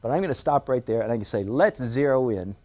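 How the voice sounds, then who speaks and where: A man's voice: medium pitch, expressive, quick pace, darkish tone. An older man teaching a drawing lesson in a studio, playful and self-mocking with rhetorical asides. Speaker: art instructor.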